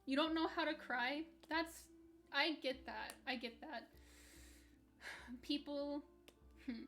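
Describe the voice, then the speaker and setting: High-voiced young woman chatting candidly. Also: takes it slowly, fairly bright tone, faint music behind. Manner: rambling and candid, with frequent restarts and light laughs. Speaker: streamer. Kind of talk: casual chat reading live chat while gaming.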